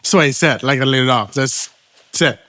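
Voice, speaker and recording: A man with a Thai accent speaks at a mid-range, ordinary pitch. His English is halting, with restarts along the way, and he sounds earnest as he tells a personal testimony, stepping into the other people's voices to act out the dialogue. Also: sharp tone. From Thailand. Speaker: testimony guest.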